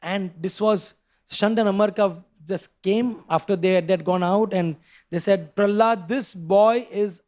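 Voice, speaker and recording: A man telling a scripture story in a sermon, animated and stopping to restart often. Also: high voice, moderate pace. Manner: animated, acts out characters, frequent restarts. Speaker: preacher giving a scripture class.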